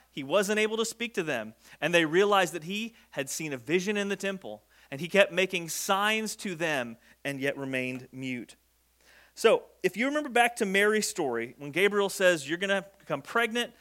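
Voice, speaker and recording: Bright-voiced man preaching casually. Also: high voice, animated, normal speed. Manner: conversational, jokey, acts out quoted speech. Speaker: pastor. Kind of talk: sermon.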